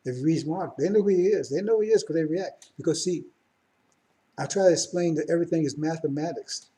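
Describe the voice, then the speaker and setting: A man in middle age giving a live religious talk to his followers. His voice is warm and mellow, and his delivery rambles, with restarts and asides. When he presses his message, it turns fervent and insistent. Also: fairly high pitch, fairly quick. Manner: rambling, self-correcting, rising to fervent emphasis. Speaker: religious teacher.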